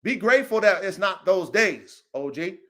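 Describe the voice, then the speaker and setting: High-voiced man, confrontational podcast host. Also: sing-song, moderate pace, fairly bright tone. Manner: confrontational, slangy, repeats a taunting catchphrase. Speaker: podcast host, dog breeder. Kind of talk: livestream podcast monologue.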